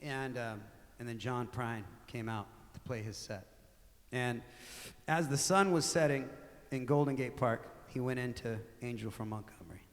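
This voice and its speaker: A male singer-songwriter telling animated, conversational stories between songs at a live gig, acting out quotes as he goes. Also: mid-range voice, moderate pace, big-room sound. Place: small live music venue with audience.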